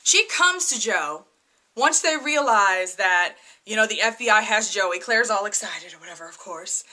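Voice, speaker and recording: A young woman chatting excitedly through a casual TV episode review, full of fillers and "right?". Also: medium pitch. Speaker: TV review vlogger.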